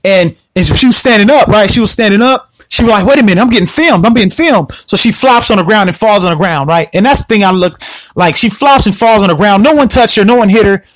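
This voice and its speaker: A man rants alone into his podcast mic, his voice sitting high. He talks in an animated, confrontational way and keeps repeating himself. The sound is dry and close, with no room around it. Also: brisk, dry recording. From Southern California. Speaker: podcast host. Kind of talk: solo podcast rant.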